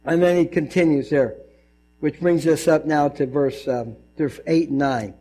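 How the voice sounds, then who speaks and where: Animated high-voiced male pastor preaching. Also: normal speed. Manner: conversational and animated, acting out dialogue. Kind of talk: sermon.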